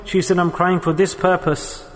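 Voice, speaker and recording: A man delivers a sermon with a somewhat high voice, moving between storytelling and recited Arabic verses. His voice rings with a long reverb, as if he is speaking in a large hall. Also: level tone, normal speed. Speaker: preacher.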